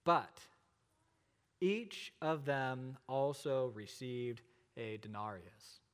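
A middle-aged male pastor preaching a sermon, asking rhetorical questions and pausing for effect. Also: medium pitch, clean tone, big-room sound. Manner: expository preaching with rhetorical questions and dramatic pauses.

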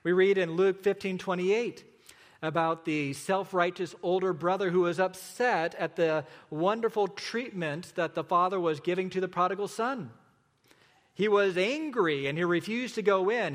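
A man preaching a sermon as a pastor, earnest and emphatic, slowing down for repeated points. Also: sits high, in a large hall.

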